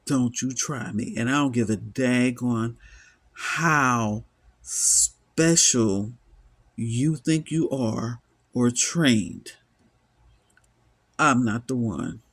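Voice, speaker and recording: A man's voice: mid-range voice, extremely slow, long pauses, fairly bright tone, slightly rough. A middle-aged man giving an impassioned solo monologue, weary, emphatic and repetitive as he stresses his points. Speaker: vlogger.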